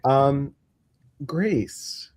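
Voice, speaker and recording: A man's voice: medium pitch, lively intonation, drawn-out words, darkish tone. A middle-aged man hosting a live stream, chatting casually and jokingly and greeting viewers by name. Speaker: host.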